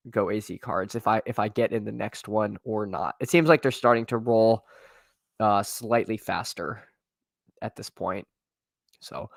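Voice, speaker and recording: Chatting to his viewers on a live stream, a man talks his way loosely through his fantasy football draft picks in a mid-range voice. His speech is full of fillers and restarted sentences, his voice sounds a bit worn and tiring, and the recording is close and dry without room echo.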